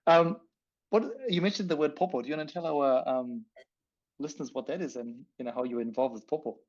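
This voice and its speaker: A man's voice: medium pitch, fairly quick, darkish tone. A man hosting a podcast interview, answering with short affirming responses and asking questions. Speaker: podcast host. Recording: dull lo-fi recording.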